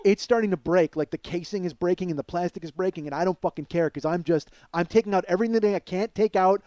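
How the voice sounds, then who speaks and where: A high-pitched middle-aged man recounts a wild story in a solo podcast monologue. He swears constantly and throws himself into the quoted lines. The sound is dry and close, with no room around him. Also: no room sound. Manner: profane, heated, acts out quotes loudly. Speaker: podcast host telling a personal story.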